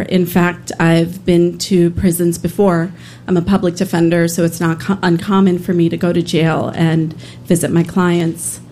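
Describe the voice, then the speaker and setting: Female storyteller, a public defender, earnest and slightly low, some hesitation. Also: a little mellow, a little hiss or hum. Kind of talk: live storytelling on stage.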